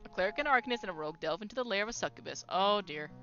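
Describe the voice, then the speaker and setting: A woman's voice: medium pitch, lively intonation, racing, sharp tone, muffled recording, soft background music. A woman reading aloud as a long-winded, crude old male halfling scholar in a game, lecturing away. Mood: joke-telling.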